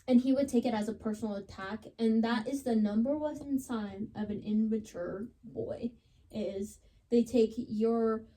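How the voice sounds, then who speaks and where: A young woman co-hosting a casual podcast, telling a personal story with lots of "like" and plenty of drama. Her voice sits somewhat high, with a dark, mellow tone. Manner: chatty, dramatic retelling, lots of "like". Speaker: podcast co-host.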